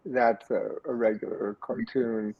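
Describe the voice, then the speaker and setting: A man's voice: mid-range voice, little pitch movement. Blunt man judge, dull lo-fi sound. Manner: blunt, quick opinions, repeats himself. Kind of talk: casual panel chat.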